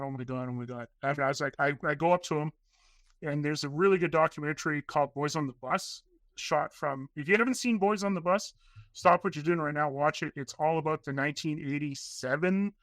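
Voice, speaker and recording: An excitable man rambles through one story after another on a podcast, slipping into the voices of the people he quotes. His voice sits a little high with a bright, forceful edge, and the sound is dry and close. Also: no echo. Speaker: podcast guest, documentary filmmaker. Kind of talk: casual interview storytelling.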